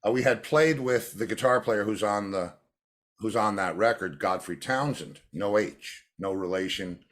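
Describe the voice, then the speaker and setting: A man's voice: fairly low pitch, normal speed. A male drummer and producer being interviewed, telling anecdotes and acting out the voices of the people in them. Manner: animated storyteller who acts out quoted voices.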